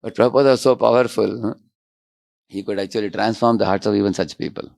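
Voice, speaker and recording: A man giving a devotional lecture, often checking in with his audience with quick rhetorical questions. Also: fairly low pitch, fairly even intonation, gravelly, darkish tone, no echo, studio quality. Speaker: spiritual lecturer.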